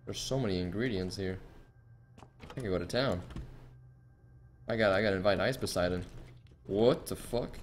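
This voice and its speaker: A man's voice: on the low side, moderate pace, pauses often, faint music behind. A man streaming a horror game, giving profane, jumpy running reactions to what he sees. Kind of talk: live gameplay commentary.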